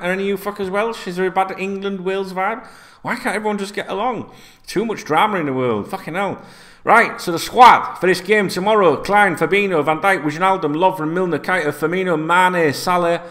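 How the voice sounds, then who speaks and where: A man's voice: a little high, fairly bright tone. A middle-aged man, chatting casually as a football fan host, rambling and swearing freely.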